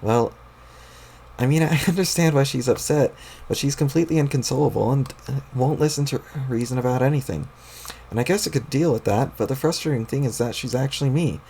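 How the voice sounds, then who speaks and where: A man's voice: mid-range voice, brisk, vocal fry, warm tone, breathy edge. A man reading a webcomic aloud, putting on the voice of a bossy, exasperated young girl who scolds and swears.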